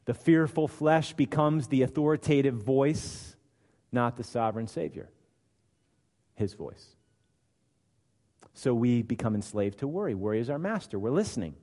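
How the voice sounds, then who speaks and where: A man preaching a sermon, acting out quoted voices and swinging between loud and hushed delivery. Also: mid-range voice, animated, normal speed, long pauses. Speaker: pastor. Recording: long hall reverb.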